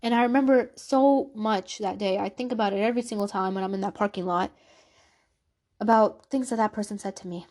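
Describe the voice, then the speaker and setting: A woman's voice: mid-range voice, a little fast, a little mellow. A woman vlogger sharing an emotional personal faith story, earnest, repeating phrases for emphasis. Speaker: Islamic vlogger.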